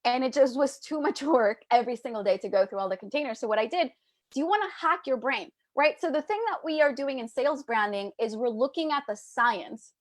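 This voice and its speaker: A woman business coach giving a live talk to her group, energetic and playful, slipping into little voices to act things out. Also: high voice, fairly quick, dry recording.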